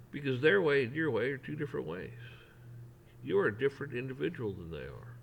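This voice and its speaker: A man's voice: mid-range voice, big pitch swings, moderate pace, vocal fry, pauses often, breathy edge, poor audio. A man ranting on a vlog in a folksy, rambling, blunt way. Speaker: vlogger. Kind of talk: opinion rant.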